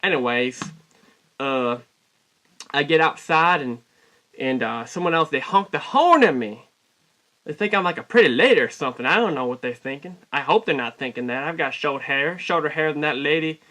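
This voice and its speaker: A man rambles through a deadpan comic monologue in a put-on Southern US drawl. His voice is bright and ringing, a little high for a man. He keeps correcting himself in a mock-folksy way. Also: normal speed. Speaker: comic storyteller.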